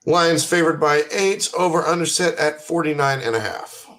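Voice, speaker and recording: A man's voice: a little high, a bit bright. A man hosting a casual football pick'em show, running each game's segment. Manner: unhurried, runs the segments by asking for referee, announcers and ticket prices. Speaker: podcast host.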